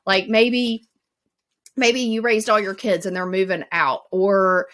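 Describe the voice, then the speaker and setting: A woman's voice: mid-range voice, fairly even intonation, slow pace, fairly bright tone. A woman coaching in a casual motivational talk, chatty and conversational, laughing at herself as she goes. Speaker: life coach.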